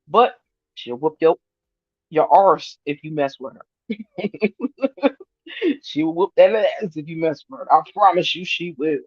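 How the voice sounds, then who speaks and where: A woman in her fifties chatting casually to her viewers on a livestream, animated and laughing often as she reads their comments. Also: deep voice, dry recording. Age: 50s. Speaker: vlogger reading viewer comments. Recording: dry, slightly muffled lo-fi sound.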